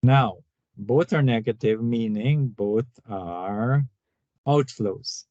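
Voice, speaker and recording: A man's voice: medium pitch, slow pace, a little mellow, dry recording. A man teaching a finance lesson over a screen recording, explaining step by step and often checking in with "all right" and "right?". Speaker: instructor. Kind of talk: screen-recorded tutorial walkthrough. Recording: dull, dry lo-fi sound.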